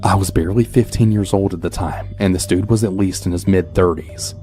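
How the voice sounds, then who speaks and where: A man narrating a true horror story in the first person, calm and even. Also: low-pitched, fairly quick. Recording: soft background music.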